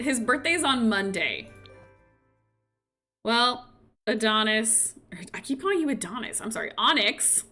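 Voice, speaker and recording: A woman's voice: medium pitch, pushed and bright. A young woman streamer chatting casually as she plays, talking to her game characters and voicing them playfully. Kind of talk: casual gameplay commentary.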